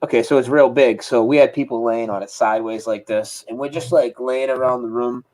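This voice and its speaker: A man as an interview guest, telling a story in a casual, animated way over a video call. He acts out sounds and swears freely. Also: mid-range voice, a little fast, low-quality recording.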